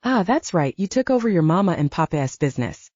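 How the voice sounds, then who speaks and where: Woman voicing a booming jovial Italian man. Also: sing-song, a little fast, slightly rough, no echo. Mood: effusive. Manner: warm, effusive, theatrical. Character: loud jovial middle-aged Italian restaurant owner, big man. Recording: dull dry audiobook recording.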